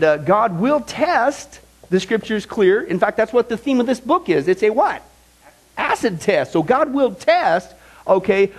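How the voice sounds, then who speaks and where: A man teaching a Bible study in an emphatic, conversational way, often checking in with "okay?" and "right?". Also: high voice. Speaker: pastor.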